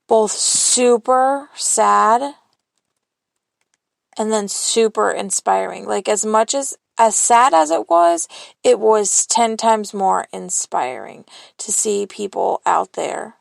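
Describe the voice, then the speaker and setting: Young woman talking into her phone by herself, real gravelly voice, dry close sound, rambly and swears a lot. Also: medium pitch, no echo. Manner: rambling, candid, swears casually. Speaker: podcast host. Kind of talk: solo confessional monologue.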